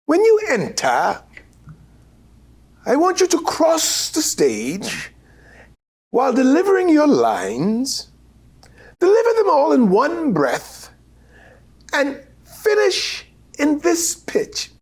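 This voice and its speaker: A man's voice: very high-pitched, wildly swooping pitch, slow pace, long pauses, darkish tone, voice pushed up, heavily acted. A man playing an older, tall, gaunt, pompous British theatre director with a plummy, commanding manner. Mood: imperious. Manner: plummy, commanding, sing-song counting.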